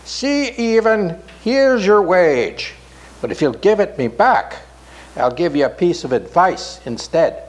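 A man voicing a shrewd male farmer who talks slowly in old-fashioned speech. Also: high voice, big pitch swings, heavily acted. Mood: deliberate.

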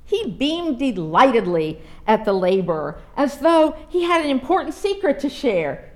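Female preacher reading a story to her listeners; lively, expressive delivery. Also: high-pitched, normal speed. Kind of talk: storytelling read aloud.

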